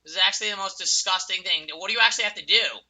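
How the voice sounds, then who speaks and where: A young man with a high voice talks very fast while streaming a game, furiously ranting at other players, swearing and yelling insults. Then he drifts back into telling a personal story.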